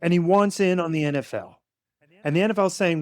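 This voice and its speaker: A middle-aged father co-hosting a sports podcast with his son rants bluntly and emphatically, with some swearing. His voice is high-pitched and fairly quick. The recording is dry.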